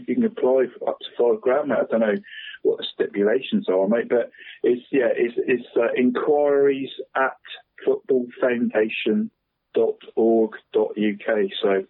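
A man on local radio talking about football, chatty and relaxed, saying "mate" constantly and chuckling often. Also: mid-range voice, a little fast, slightly rough, no room sound. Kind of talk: casual phone-in chat. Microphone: phone. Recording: tinny phone line.

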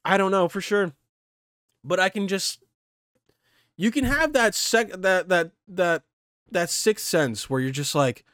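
Guy reading news and cussing through it, kinda high voice, dead dry sound. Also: animated, moderate pace, long pauses, fairly bright tone, dry recording. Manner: heavy swearing, rambling, reads aloud then reacts. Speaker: commentator. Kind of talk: profane ranting commentary on a news article.

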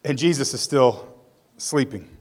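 A man's voice: medium pitch, unhurried. A male pastor preaching a sermon. He reads scripture aloud, tells it as a story with casual asides, and leads a prayer.

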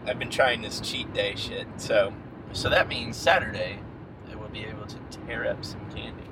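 A man's voice: lowish voice, normal speed. Laughing man in crude banter, street noise. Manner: laughs often, crude jokes, chimes in. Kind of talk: casual chat. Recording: noisy recording with traffic outside.

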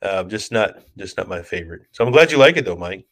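An easygoing man with a somewhat low voice tells stories on a podcast in a loose, rambling way. His delivery is casual and unhurried. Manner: relaxed, chatty, laughs while telling stories. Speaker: podcast co-host. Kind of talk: casual storytelling chat.

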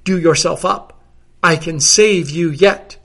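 A reader doing a pompous great detective. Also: male voice, high-pitched, lively intonation, slow, sharp tone, heavily acted. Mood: grand. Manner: grandiose, declamatory.

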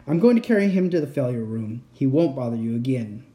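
A man's voice: mid-range voice, expressive, brisk, dark tone, close to an everyday voice. Man doing a jovial inventor uncle. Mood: reassuring. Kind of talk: storybook reading.

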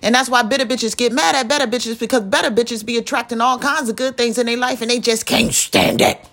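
A woman's voice: fairly high pitch, steady tone, fast, a bit bright. A young woman giving a blunt, profane, emphatic venting monologue to camera. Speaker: vlogger.

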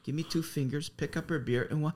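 A man's voice: a little high, steady tone, fast talker, crowd noise. An older man in casual chat, telling rambling stories and dropping his voice for the punchlines. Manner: rambling storyteller, drops to a hush for punchlines.

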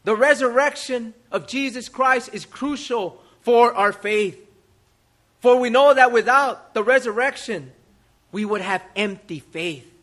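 A man's voice: very high-pitched, a little slow, a bit bright. A male pastor preaching a sermon, asking rhetorical questions and repeating key phrases for emphasis. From United States.

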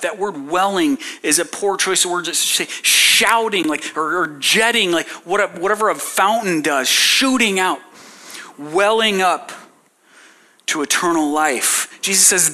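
A man's voice: high-pitched, measured pace, sharp tone. A male pastor preaching a sermon, retelling scripture in casual modern paraphrase.

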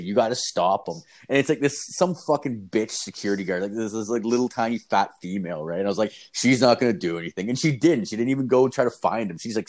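A young man in his twenties co-hosts a podcast, telling a rambling, profanity-heavy story packed with filler words in a casual storytelling chat. His voice is lowish with a darkish tone.

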